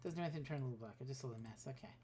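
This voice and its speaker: A woman's voice: very deep voice, racing, warm tone, slight background noise. A woman streamer reading a text adventure game aloud, with offhand asides and swearing.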